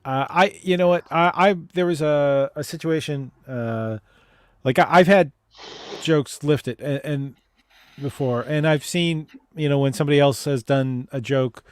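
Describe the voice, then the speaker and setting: A man, a stand-up comedian co-hosting a casual chat over a video call, speaking in a measured, reflective way with frequent hesitations. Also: fairly high pitch, clean tone, dry recording, clean studio sound.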